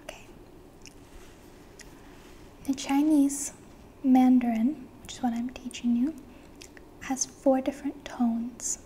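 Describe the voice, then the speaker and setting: A woman acting as a patient language teacher in a whispered role-play, speaking slowly and gently into a close microphone. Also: sits high, fairly even intonation, slight background noise. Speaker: ASMR teacher. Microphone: close microphone, occasional bumps.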